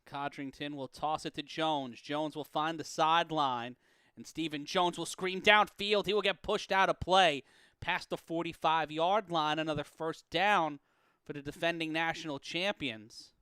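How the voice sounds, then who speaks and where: A man calling an amateur football game play-by-play, profane and prone to erupting into shouts and laughter on big plays. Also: a little high, steady tone, a little slow, smooth, no echo, clean studio sound. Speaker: play-by-play commentator. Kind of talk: sports commentary.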